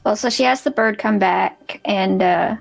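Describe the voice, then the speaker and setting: A woman's voice: mid-range voice, measured pace, vocal fry. A woman playing a tabletop game, describing her character's actions with rambling fillers. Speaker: player.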